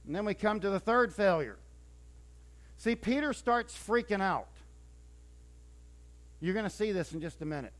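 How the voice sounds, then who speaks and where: Acting out the scenes as he goes, a male preacher recounts the story conversationally and with energy, tripping up and starting over now and then. His voice is high, his pace moderate, and he leaves long pauses.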